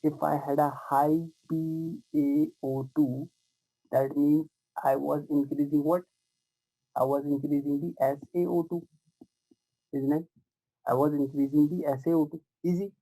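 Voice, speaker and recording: A man giving a live pathology lecture in a somewhat high, gravelly voice with a soft, mellow tone. He keeps asking his students whether they follow and repeats each point, filling pauses with "you know" and "uh". His delivery is patient and explanatory. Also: level tone, poor audio. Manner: repetitive questioning, addresses students warmly as "my dears" and "guys"; frequent fillers and self-corrections. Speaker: pathology teacher.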